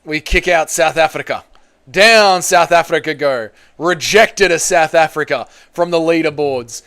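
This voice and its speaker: A young man hosting a casual livestream, reading chat comments and bantering loudly with sudden excited shouts and plenty of swearing. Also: a little high, creaky, clear, resonant tone. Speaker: livestream host.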